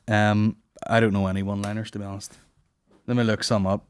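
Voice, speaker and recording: A man's voice: on the low side, level tone, fast, clean tone. A man hosting a comedy podcast, rambling through listener questions with lots of swearing. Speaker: podcast host. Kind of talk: casual comedy podcast banter.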